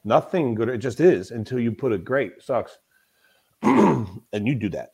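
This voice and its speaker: A man's voice: mid-range voice, sing-song, a little slow, gravelly, darkish tone, breathy edge. A man speaking as a guest in a conversational podcast interview. He talks as a mental toughness coach, telling stories with emphasis and often repeating himself.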